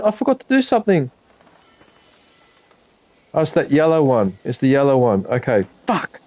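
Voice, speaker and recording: A man's voice: medium pitch, wildly swooping pitch, moderate pace, long pauses, dry recording, lo-fi sound. A man chatting casually on a live game stream, muttering to himself and swearing when frustrated. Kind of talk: casual live-stream chat while gaming.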